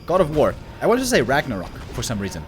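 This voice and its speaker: An esports caster with a medium-pitched voice calls a strategy game match live, his pitch swooping wildly as he talks quickly over a noisy background. He's chatty, exclaims at big plays, and drifts into casual asides to viewers.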